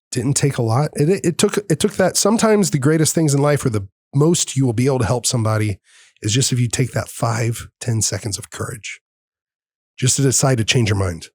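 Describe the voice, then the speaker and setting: A man's voice: mid-range voice, darkish tone, breathy edge, dry recording, studio quality. A man in his thirties, a podcast host, telling a personal story in an earnest, heartfelt way and acting out the dialogue. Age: 30s. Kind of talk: personal storytelling in casual conversation.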